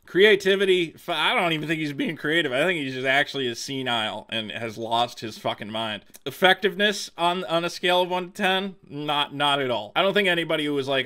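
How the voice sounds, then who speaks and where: A man's voice: fairly high pitch, fairly quick, few pauses, pushed and bright. A man hosting a comedic commentary video, sarcastic and incredulous, swearing and laughing as he reads quotes aloud.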